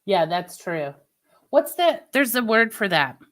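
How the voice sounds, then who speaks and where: A woman's voice: lowish voice, expressive, a little slow, pushed and bright. A woman livestreamer in casual chat with her viewers, venting opinions in a chatty way. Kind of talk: casual live-stream chat.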